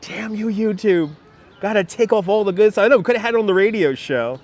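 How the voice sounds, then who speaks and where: A male livestream host chats from a city park in a high, expressive, rapid-fire voice, rambling, laughing often, restarting, and reading viewer comments aloud. He wears a wireless clip-on mic. Faint outdoor noise and park ambience with birds sit in the background.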